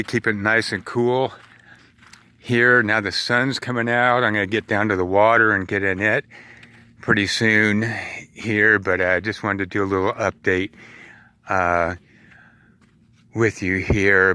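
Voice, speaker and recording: A man speaks slowly and at ease in a clear, bright voice, set a little low, as he walks a handheld camera around his outdoor camp by a river. His talk rambles and is full of fillers and restarts. The sound is dry and close. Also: no room sound. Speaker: van-life vlogger. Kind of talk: casual vlog walkthrough.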